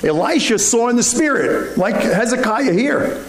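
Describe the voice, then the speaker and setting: This pastor's voice is extremely high-pitched, with lively intonation and an unhurried pace. He gives a conversational sermon full of rhetorical questions in a church sanctuary, where the sound echoes and a faint hum lingers.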